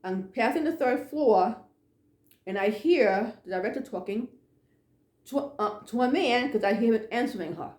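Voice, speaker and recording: A woman telling a ghost story in a casual, animated way, acting out the dialogue and sometimes dropping to a hush. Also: on the high side, moderate pace, roomy sound. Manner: animated, acts out dialogue, drops to hushed tones.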